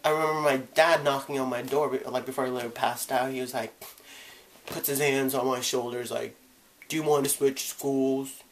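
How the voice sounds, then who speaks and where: A young man telling his own coming-out story in a vlog, candid and casual, acting out the people he quotes with sudden jumps in pitch and volume. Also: fairly even intonation, a little fast, a little hiss or hum. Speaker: vlogger.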